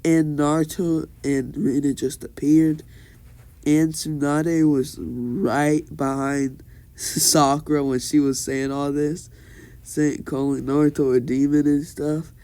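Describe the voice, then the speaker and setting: A man's voice: a little high, level tone, slow, dark tone, clean tone. A young man improvising a fan story aloud, rambling with fillers and restarts. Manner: rambling, many fillers and restarts, laughs at own jokes.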